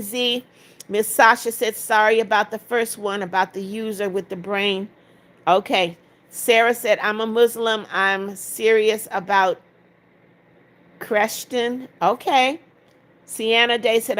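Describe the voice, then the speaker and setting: A woman's voice: medium pitch, a bit bright. A woman hosting a livestream, reading viewer comments aloud, answering them directly and praying over requests. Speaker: livestream host.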